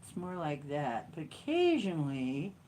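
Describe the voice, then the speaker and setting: Woman host, deep, slow-talking, doting pet talk at home, faint hiss behind. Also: big pitch swings, warm tone. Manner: doting, sing-song baby talk to pet. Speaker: channel host. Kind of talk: casual chat to her cat.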